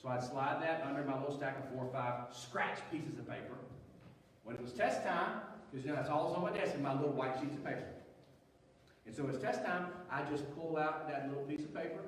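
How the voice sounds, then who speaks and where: A man giving a youth sermon, telling a funny story in an animated, chatty way. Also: mid-range voice, a little hiss or hum. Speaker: youth pastor. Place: large church hall. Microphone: distant from the mic. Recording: echoey hall, distant mic, faint ambience.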